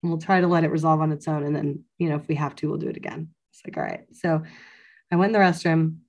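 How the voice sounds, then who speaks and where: Low-voiced woman telling a birth story. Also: lively intonation, fast, darkish tone. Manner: conversational, many "like" fillers, quotes others in her story. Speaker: podcast guest. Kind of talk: casual storytelling.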